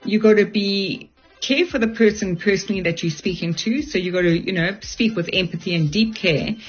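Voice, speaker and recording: A woman's voice: medium pitch, moderate pace, slightly rough. An older woman from South Africa, a guest on a radio show, giving earnest, direct advice. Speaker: resilience speaker, radio guest. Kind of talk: radio interview, advice talk. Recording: dull lo-fi radio audio, faint music.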